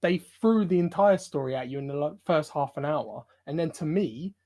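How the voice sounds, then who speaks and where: A man's voice: a little high, animated, normal speed, warm tone. A young man co-hosting a podcast, talking emphatically and ranting with plenty of swearing. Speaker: podcast co-host. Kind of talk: casual chat.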